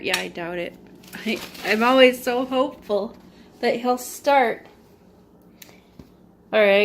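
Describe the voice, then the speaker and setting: Slow, wry woman vlogging at home. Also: medium pitch, a little hiss or hum. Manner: chatty, wry, meandering asides. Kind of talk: casual rambling chat. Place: home, indoors.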